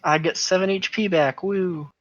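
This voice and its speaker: A man at a tabletop game tosses off wry remarks in a somewhat high voice. The sound is dull and lo-fi, and dry. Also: fairly even intonation, moderate pace, a bit bright, no room sound. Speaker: player.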